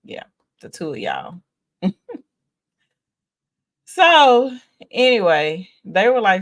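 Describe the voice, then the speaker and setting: A woman's voice: mid-range voice, very animated, very slow, long pauses. A woman hosting a casual reality show recap, chatty and exasperated, sighing and laughing as she talks.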